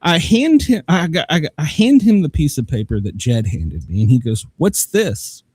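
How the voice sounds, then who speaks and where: A man's voice: on the high side, lively intonation, moderate pace, a little mellow, husky, dry recording. A man telling a long, rambling story in casual chat as a show host, laughing often. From Southern United States.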